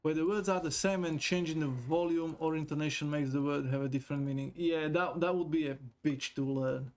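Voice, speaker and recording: A man's voice: fairly high pitch, fairly even intonation, fairly quick, a little mellow. A man, streaming a game and chatting casually with viewers, joking and swearing a lot. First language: not English. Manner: chatty, profane, joking, reads chat aloud. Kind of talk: casual gaming stream chat.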